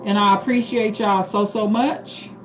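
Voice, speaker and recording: A woman's voice: medium pitch, fairly even intonation, measured pace, low-quality recording. Woman with a st. louis accent, middle-aged, live-stream host, chatty, faint music behind. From St. Louis, Missouri. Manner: chatty, repeats herself, addresses viewers by name. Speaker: livestream host. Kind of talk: casual live-stream chat with viewers.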